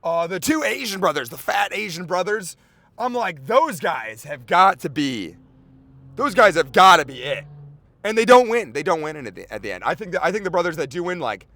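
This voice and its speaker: A man hosting a podcast, rambling in casual chat with lots of swearing, fillers and excitable outbursts. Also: sits high, moderate pace. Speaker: podcast host.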